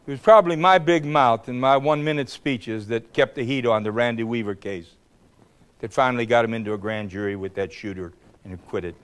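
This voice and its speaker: An older man giving a public speech, telling a story in a blunt, combative way, swinging between loud bursts and low remarks. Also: brisk, clear, resonant tone. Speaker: speaker. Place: hall.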